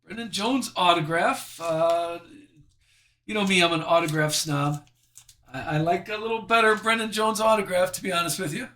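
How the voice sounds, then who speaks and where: A man's voice: sits high, moderate pace, bright, forceful tone. A man hosting a live sports card break, chatty and self-deprecating as he reads out each card he pulls.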